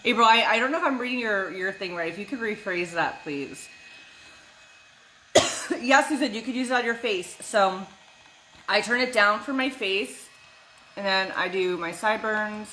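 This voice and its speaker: Bright-voiced woman chatting with her live stream. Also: mid-range voice, expressive, normal speed, pauses often, a little hiss or hum. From United States. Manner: blunt, swears freely, talks to chat by name. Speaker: vlogger answering live chat. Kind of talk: casual live-stream chat. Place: at home.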